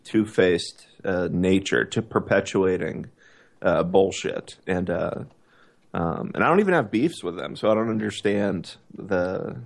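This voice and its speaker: A deep-voiced man speaking as a podcast guest. He talks in a laid-back, halting way and fills his pauses. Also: lively intonation, gravelly. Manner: hesitant, lots of uh fillers, laid-back. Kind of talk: casual podcast chat.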